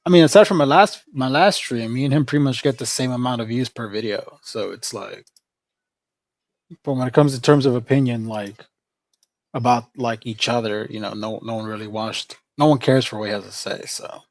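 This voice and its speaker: A man hosts a casual livestream chat, rambling along with frequent restarts and fillers. His medium-pitched voice is a little mellow and moves at a moderate pace, in a dry recording.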